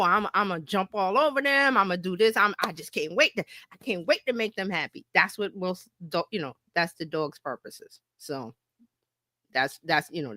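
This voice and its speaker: A middle-aged woman coach presents a marketing workshop in an animated, breezy way. Her voice sits a little high and sounds bright and forceful. The recording is dry and close. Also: no room sound. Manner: animated, breezy, fills gaps with playful "da, da, da".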